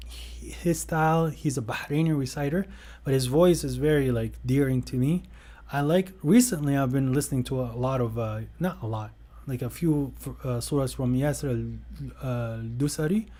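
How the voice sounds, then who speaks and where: Through a warm, relaxed tone, a man hosts an online religious service and takes viewer questions. He talks loosely and conversationally, often trailing off mid-thought and starting again. His pitch sits in an ordinary middle range. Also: moderate pace. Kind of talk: casual livestream question-and-answer.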